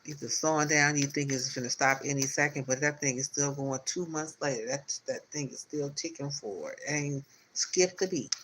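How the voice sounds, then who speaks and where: The audio is poor, with a bit of hiss or hum, carrying a man's fairly high, bright, forceful voice at normal speed. Reading tarot on a live stream, he rambles in repetitive, encouraging loops of spiritual pep talk.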